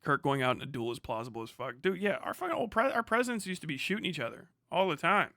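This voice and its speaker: A young American man hosts a livestream, ranting with casual, profane, sarcastic commentary and laughing often. His slightly high voice is sing-song, quick, gravelly, bright and forceful, captured in clean studio sound without echo.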